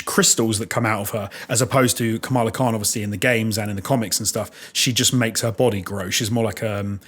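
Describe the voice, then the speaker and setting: A man's voice: on the low side, a bit bright, husky. A British man hosting a podcast, chatting frankly and laughing often. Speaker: podcast host. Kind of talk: casual chat.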